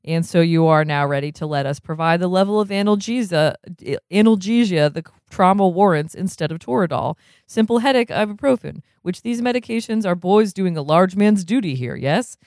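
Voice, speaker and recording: A reader voicing a brisk, cheerful male hospital doctor in a clipped way, without putting on an accent. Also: mid-range voice, lively intonation, a little mellow, dry recording, studio quality, lightly acted.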